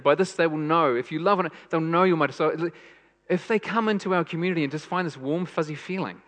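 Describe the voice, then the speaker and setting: Preaching earnestly, a man with a slightly high, somewhat bright voice repeats phrases for emphasis. The recording has a long hall reverb.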